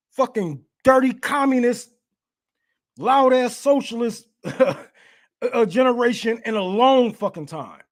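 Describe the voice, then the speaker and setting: A man hosting a show, ranting in heated, profane commentary, stammering and laughing often. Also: extremely high pitch. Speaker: podcast host.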